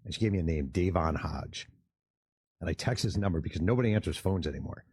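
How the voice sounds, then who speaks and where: A man's voice: low-pitched, fast talker, slightly rough, no echo. A man and author telling a story in an interview, acting out the people he quotes. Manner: animated storyteller who acts out quotes.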